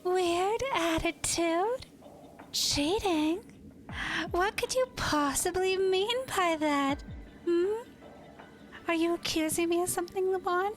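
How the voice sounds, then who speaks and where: A woman voicing a prim, haughty young lady with a slow, posh, icy way of speaking. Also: very high voice, soft background music, pitched above the performer's own voice. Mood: icy menace.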